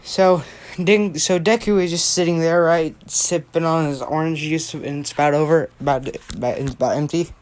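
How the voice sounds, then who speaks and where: Young adult, casual fan-story teller, rambling, self-correcting, mid pitch. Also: steady tone, normal speed, a little mellow.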